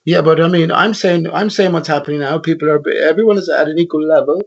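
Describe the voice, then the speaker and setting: Probing man with a higher voice. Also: fast talker, highs cut off. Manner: calm, probing, asks repeated questions. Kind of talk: casual argument.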